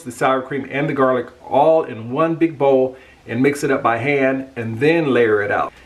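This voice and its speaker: A man from the United States hosting his cooking channel, talking casually and upbeat to his viewers. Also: medium pitch. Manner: chatty, upbeat, jokes about pronunciation. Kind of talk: casual cooking talk to camera.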